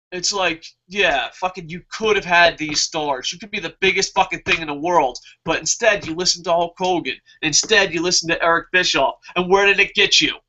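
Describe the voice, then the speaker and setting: A wrestling review show host works through comments from viewers, ranting hotly and swearing a lot. The lo-fi recording is muffled, and his voice sits high with a bright, forceful tone.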